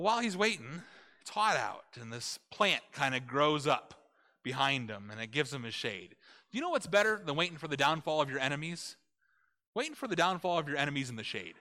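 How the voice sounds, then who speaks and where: A man preaching a conversational sermon, retelling a story with animated delivery and asking his listeners rhetorical questions. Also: medium pitch.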